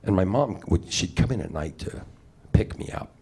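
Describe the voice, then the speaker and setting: A man's voice: sits low, expressive, normal speed, warm tone, breathy edge. A middle-aged man doing a wry, rambling stand-up comedy set on a comedy club stage. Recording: noisy live club recording.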